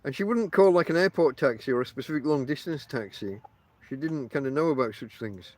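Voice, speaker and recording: A middle-aged English man with a northern accent mixing Yorkshire and Lancashire hosts a casual podcast outdoors on the coast. His mid-range, darkish voice is animated and fairly quick in a dry recording. He rambles chattily through his stories to listeners, addressing them directly, with many ums and restarts.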